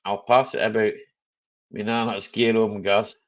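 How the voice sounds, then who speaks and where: Slow-talking man, jokey stream host. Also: fairly low pitch, flat delivery, muffled recording. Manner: jokey and rambling, chuckling often. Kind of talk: casual live chat.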